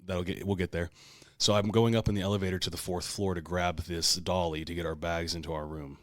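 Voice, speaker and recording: A man's voice: deep voice, little pitch movement, brisk, fairly bright tone, no room sound. A man co-hosting a podcast, telling a long story in casual, profane, heated talk. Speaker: podcast co-host.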